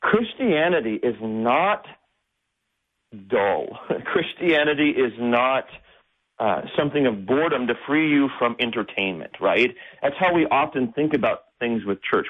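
A pastor teaching a bible study with animated energy, his voice rising into forceful outbursts. The sound is thin and tinny, like a phone line on radio. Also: mid-range voice, unhurried. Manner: animated, builds to emphatic outbursts.

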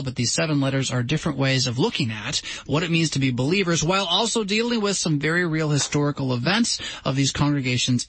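Husky-voiced male radio host. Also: on the high side, no room sound, low-quality recording. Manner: emphatic, lively reading of scripture with asides. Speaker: radio talk show host. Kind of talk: conversational Bible teaching.

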